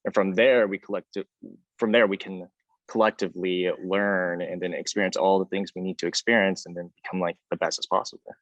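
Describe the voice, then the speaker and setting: A young man in his late teens, a high school student band leader, speaking hesitantly on an online panel, losing his train of thought and getting emotional. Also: level tone, fairly quick, no room sound. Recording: dull, dry lo-fi audio.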